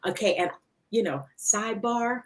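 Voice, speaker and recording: A woman's voice: medium pitch, expressive, moderate pace, low-quality recording. A woman hosting a podcast, chatting playfully and laughing often into a headset mic. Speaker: podcast host. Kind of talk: casual chat. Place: studio under lights.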